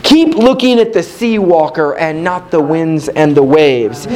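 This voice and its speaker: A man's voice: on the high side, animated, unhurried, hardly any pauses, a little mellow, poor audio. A man preaching a sermon in a hotel meeting room, building his points through rhythmic repetition and call-and-response with the congregation.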